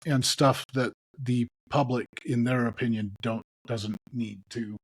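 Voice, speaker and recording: A man co-hosting a podcast, chatting casually and low-key, often chiming in with short agreement. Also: fairly even intonation, a little slow, slightly rough, dry recording. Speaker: podcast co-host. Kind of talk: casual chat.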